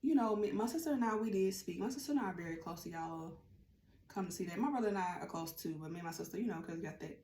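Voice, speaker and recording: A woman telling a personal story in a casual, animated vlog, talking straight to her viewers. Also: on the low side, quick pace, roomy sound, slight background noise. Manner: animated, chatty, addresses viewers directly.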